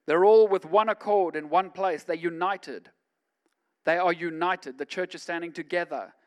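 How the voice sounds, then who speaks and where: Aussie pastor guy preaching, pretty high voice, chatty then gets loud and fired up. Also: normal speed, clean tone. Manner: conversational, swings from quiet to loud emphatic preaching. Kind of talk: sermon.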